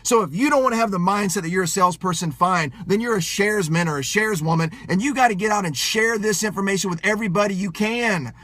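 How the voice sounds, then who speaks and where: A middle-aged man giving a fired-up motivational sales pep talk, yelling and hammering home his points with punchy repetition. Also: high voice, fast talker, hardly any pauses, no room sound.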